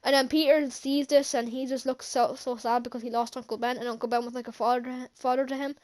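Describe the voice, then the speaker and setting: A woman with a high-pitched voice talks through a movie scene by scene in a loose, casual vlog. She hesitates often, restarts her sentences and fills gaps with little words. She keeps chuckling to herself as she goes. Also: little pitch movement, a little fast, darkish tone. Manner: rambling, hesitant, many fillers and restarts. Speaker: channel host, film reviewer.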